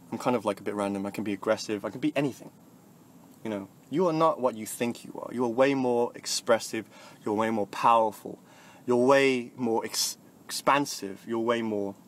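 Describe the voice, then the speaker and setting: A man's voice: on the low side, slight background noise. Sweary rambling young man with a phone. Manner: swings between soft mumbling and loud sung or shouted bursts, swears freely. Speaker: vlogger. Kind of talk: rambling motivational monologue. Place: moving vehicle, talking to a phone.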